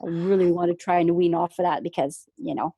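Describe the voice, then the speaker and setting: A woman's voice: on the low side, fairly even intonation, fairly quick, mellow, breathy edge, no room sound. A woman from Quebec, an artist guest, chatting in an easygoing way and laughing often. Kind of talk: casual interview chat.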